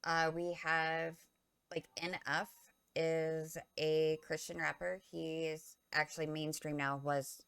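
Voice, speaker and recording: A woman with a notably low voice chats loosely on a podcast, wandering off her point and correcting herself as she goes. The sound is close and dry, with no room around her. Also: level tone, slow, vocal fry, fairly bright tone, clean tone, dry recording. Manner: rambling, loses her train of thought; filler-heavy, self-correcting. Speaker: podcast co-host. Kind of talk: casual live-stream chat.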